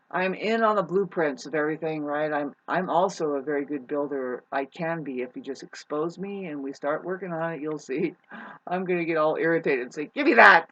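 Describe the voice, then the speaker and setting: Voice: mid-range voice, dull audio. A vlogger talking casually to viewers about astrology, meandering and restarting often, swearing casually. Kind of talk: casual rambling monologue to viewers.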